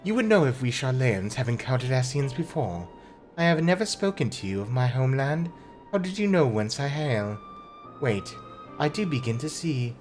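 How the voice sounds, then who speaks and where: A man voicing a cool, scholarly female mage who speaks in a measured, formal way, with faint game music behind. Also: medium pitch, big pitch swings, a little mellow, lightly acted. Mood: grave.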